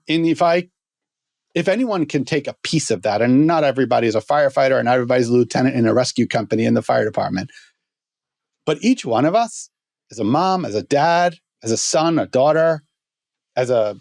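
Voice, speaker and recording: A middle-aged man, a former fire lieutenant, tells an emotional story as a podcast guest, earnest and halting, often restarting his words. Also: medium pitch, a little mellow, no room sound, clean studio sound.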